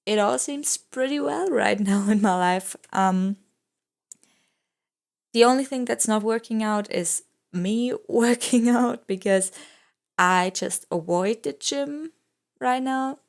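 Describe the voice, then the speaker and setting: A young woman YouTuber chatting casually over her video, rambling with lots of "like" and "I don't know", giggly and excitable. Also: a little high, vocal fry. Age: young adult. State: throat a bit rough.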